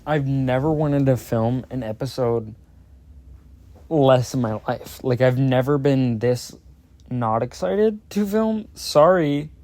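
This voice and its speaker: A man's voice: mid-range voice, slow pace, a little mellow. A young man hosting his own podcast, rambling in casual chat, swearing and cutting himself off mid-sentence. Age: young adult. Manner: rambling, sweary, self-interrupting. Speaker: podcast host.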